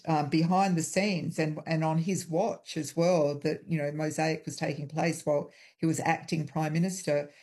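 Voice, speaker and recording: Woman, husky voice, interview guest, measured and explanatory, remote call. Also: low-pitched, darkish tone. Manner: measured, explanatory, frequent ums. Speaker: historian guest. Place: hotel room.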